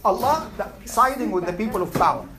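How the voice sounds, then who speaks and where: A religious teacher giving a classroom lecture, animated and quizzing the students as they go. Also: mid-range voice, fairly quick, a little hiss or hum. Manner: animated, asks the class questions.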